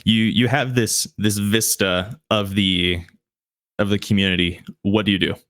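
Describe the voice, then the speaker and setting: A man narrating as game master of a tabletop game, halting and restarting as he describes scenes. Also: fairly low pitch, steady tone, a bit bright, dry recording. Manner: halting, many restarts and fillers.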